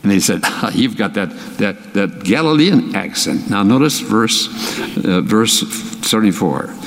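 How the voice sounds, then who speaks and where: A man with a Minnesota accent teaching a Bible study, emphatic and animated, his voice jumping in pitch for emphasis. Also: measured pace, gravelly, long reverb tail.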